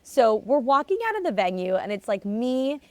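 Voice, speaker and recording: A woman's voice: a little high, big pitch swings, moderate pace, darkish tone, no echo. A young adult woman hosting a solo podcast, casually telling stories in a chatty way with lots of filler words. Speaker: podcast host.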